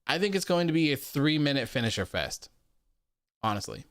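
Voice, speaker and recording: A man's voice: fairly high pitch, sing-song, moderate pace, a bit bright, no room sound, clean studio sound. A young man hosting a live wrestling post-show, chatting casually, reading viewer comments aloud and laughing often.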